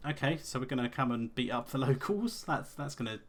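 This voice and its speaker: A man's voice: mid-range voice, expressive, a little fast. Male let's play host, casual rambling commentary with wry asides. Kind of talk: gameplay commentary.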